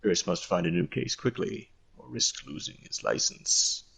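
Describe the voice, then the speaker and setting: A man voicing a gruff, slow male noir narrator in a goofy put-on New York style. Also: deep voice, sing-song, a bit bright, slight background noise, voice pushed down, exaggerated voice. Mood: brooding. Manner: goofy, exaggerated slow delivery.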